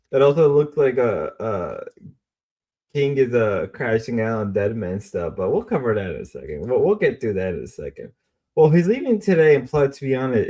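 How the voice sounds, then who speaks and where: A young man with a medium-pitched voice streams casual commentary, rambling, swearing and repeating himself as he swings between mumbling and loud outbursts.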